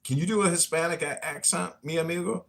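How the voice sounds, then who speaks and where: A man's voice: on the high side, fast, vocal fry. A male podcast host trading crude, joking banter and reading a story aloud.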